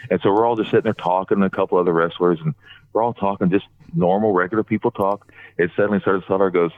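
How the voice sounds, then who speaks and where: A man's voice: sits low, fairly even intonation, quick pace, no room sound. A man on a podcast telling rambling stories about a fan event, full of restarts. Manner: rambling anecdotes with many restarts. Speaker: podcast regular recounting a fan convention trip. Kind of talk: casual phone-in storytelling. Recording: dry, tinny phone line.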